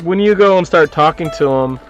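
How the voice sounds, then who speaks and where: A man's voice: fairly high pitch, fairly quick, dull audio. A man narrating a tabletop game as game master, describing scenes in a casual, filler-heavy way.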